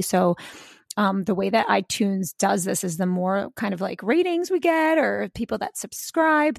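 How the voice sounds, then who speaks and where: Woman, podcast co-host, casual chat, rambling with restarts, gravelly edge, dry close sound. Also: mid-range voice, dry recording. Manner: chatty, rambling, with many restarts and fillers.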